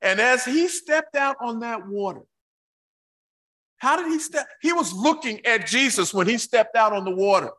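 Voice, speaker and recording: A man preaching a sermon, reading scripture slowly and emphatically with dramatic pauses, breaking into excitable asides. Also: very high voice.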